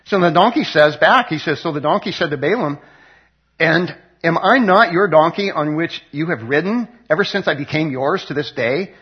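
A man's voice: a little high, breathy edge. A man teaching a Bible passage in a loose, conversational way, reading verses aloud and retelling them with many fillers and restarts. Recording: dull lo-fi recording.

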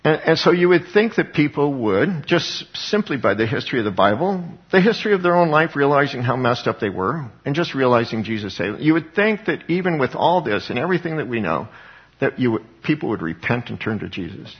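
A man's voice: mid-range voice, big pitch swings, fairly quick, breathy edge. A pastor preaching a conversational sermon, asking his congregation questions as he goes. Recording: dull lo-fi recording.

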